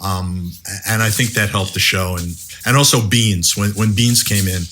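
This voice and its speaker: A man with a lowish voice that still comes across bright and forceful reflects on his past work. He speaks in a measured way, with fillers and restarts, in a relaxed podcast conversation. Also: a little hiss or hum. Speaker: executive producer and head writer.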